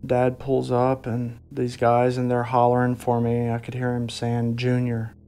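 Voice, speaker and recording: Gravelly-voiced man, halting testimony. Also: mid-range voice, completely flat delivery, dark tone, soft background music. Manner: halting, hesitant, with frequent restarts. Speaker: interviewee recounting an encounter. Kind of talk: documentary interview testimony.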